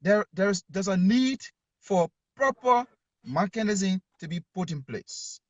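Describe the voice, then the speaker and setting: Emphatic higher-voiced Liberian journalist. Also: male voice, lively intonation, takes it slowly, no room sound, lo-fi sound. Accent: Liberian English. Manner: emphatic, repeats key words. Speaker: journalist calling in. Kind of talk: call-in talk show.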